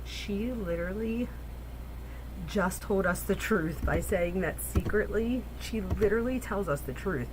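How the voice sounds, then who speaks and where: A woman's voice: medium pitch, a little slow. Chatty woman commentator, noisy recording. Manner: chatty, addresses viewers directly, analytical asides. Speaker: true crime commentator. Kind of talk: casual reaction commentary.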